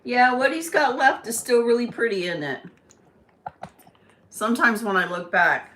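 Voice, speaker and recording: A woman's voice: a little high, expressive, a little slow, pauses often, sharp tone, a little hiss or hum. Chatty woman live-streaming from a roomy home. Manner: chatty, coaxing pet talk to her bird. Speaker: livestream host with her pet bird. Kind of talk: casual live-stream chat. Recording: roomy, distant mic, faint running water.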